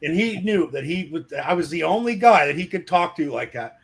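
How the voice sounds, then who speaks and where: Brief: animated man spinning a foul-mouthed shop-floor yarn, slightly high voice. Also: a little fast, breathy edge. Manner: animated, acts out shouting coworkers. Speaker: streamer telling a work story. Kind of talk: casual storytelling with profanity.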